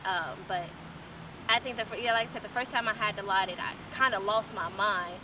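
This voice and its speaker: A young woman, speaking at a medium pitch and fairly quickly, gives an earnest, candid interview with casual fillers and restarts. She is recorded from a distance, with noise around her.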